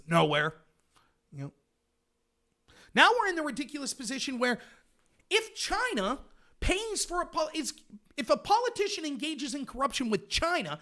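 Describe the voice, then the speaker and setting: A man's voice: extremely high pitch, sharp tone. A man hosting a political livestream, ranting sarcastically while answering his chat. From United States. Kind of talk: livestream commentary reading chat.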